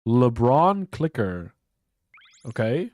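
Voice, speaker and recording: A young man streams a game and chats casually in a slow, sing-song, medium-pitched voice with a darkish tone, his nose stuffy. He rambles, swears a lot, and keeps restarting sentences, all captured in a dry recording.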